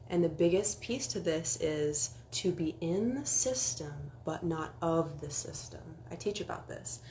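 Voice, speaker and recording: A young woman who works as a spiritual life coach talks casually on a livestream through her phone, earnest and sometimes dropping to a whisper for emphasis. Her voice is fairly low and a little mellow, at a moderate pace, with a little hiss or hum in the background.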